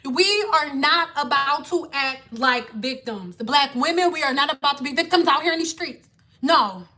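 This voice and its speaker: Bright-voiced woman ranting. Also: high-pitched, moderate pace. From Detroit. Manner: blunt, ranting, swearing freely. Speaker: hair vlogger. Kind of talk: casual rant to camera.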